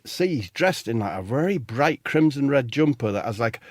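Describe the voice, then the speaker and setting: A man with a middle-pitched voice tells a long, rambling comic story in a flat, deadpan way. He swears casually as he goes. The recording is close and dry, with no room sound. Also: moderate pace, dry recording. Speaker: comedy podcast co-host.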